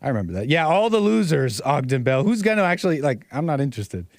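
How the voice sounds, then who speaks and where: A man's voice: a little high, big pitch swings, fast, creaky, no echo, clean studio sound. A man hosting a call-in livestream show, talking casually in a rambling way, repeating phrases and chuckling often. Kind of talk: casual talk-show commentary.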